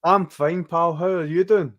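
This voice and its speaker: A man's voice: fairly high pitch, fairly even intonation, unhurried. A man hosting a casual live stream, narrating his setup and welcoming his guest as pal. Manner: friendly, narrates setting up the stream, calls people pal.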